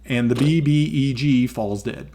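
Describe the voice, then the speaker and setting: A man's voice: medium pitch, a little slow, dark tone. A man with a Southern American accent, chatting casually as a streamer and dungeon master, laughing often and swearing lightly.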